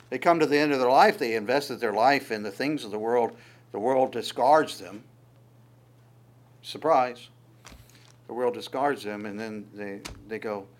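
A man preaching a sermon, lively and conversational, often stammering on repeated words and acting out quoted voices. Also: mid-range voice, unhurried, pauses often. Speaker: pastor.

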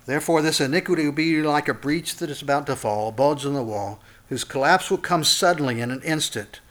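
Male preacher, fairly high voice, passionate sermon delivery with loud peaks and hushed dips. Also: a little fast. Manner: impassioned, voice climbing high and loud on warnings then dropping low and soft. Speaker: pastor. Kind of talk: sermon with scripture reading.

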